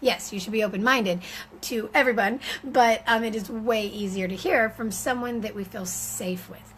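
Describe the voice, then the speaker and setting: A woman's voice: fairly high pitch, moderate pace, a bit bright, slight background noise, rough recording. A woman giving an informal teaching talk on parenting, speaking conversationally with frequent fillers and restarts.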